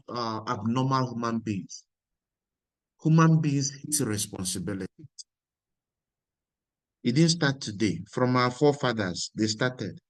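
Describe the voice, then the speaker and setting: A man's voice: medium pitch, no room sound. Emphatic man lecturing. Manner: emphatic, repeats key lines. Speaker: speaker. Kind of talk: motivational lecture.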